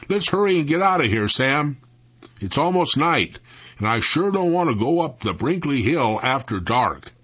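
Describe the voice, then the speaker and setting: Guy doing a jumpy farmer, talks quick and high, husky, muffled radio sound. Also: big pitch swings, a bit bright. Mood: anxious. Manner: hurried, anxious. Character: nervous farmer wagon driver, man. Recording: dull lo-fi radio recording.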